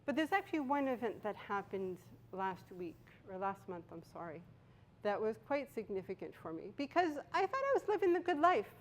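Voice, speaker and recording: Bostonian woman giving a speech. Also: on the high side. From Boston, USA. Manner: storytelling, emphatic pauses. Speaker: Toastmasters speaker. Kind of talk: prepared speech.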